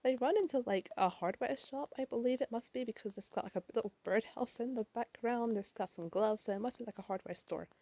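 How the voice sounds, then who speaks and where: A woman's voice: a little high, a little fast, few pauses, warm tone, no echo. A woman narrating a comic book issue in a chatty, casual way, with swearing, fillers and side remarks. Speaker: comic reader.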